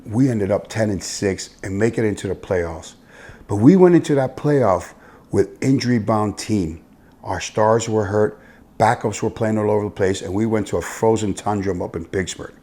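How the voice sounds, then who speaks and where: Blunt husky man from Miami. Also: on the low side, moderate pace. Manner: blunt, swings from loud to hushed. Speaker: interview guest, youth football coach. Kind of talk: casual storytelling conversation.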